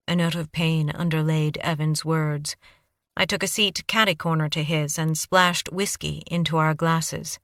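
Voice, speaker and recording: A woman narrating an audiobook in steady first-person storytelling. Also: deep voice, unhurried, no echo, clean studio sound.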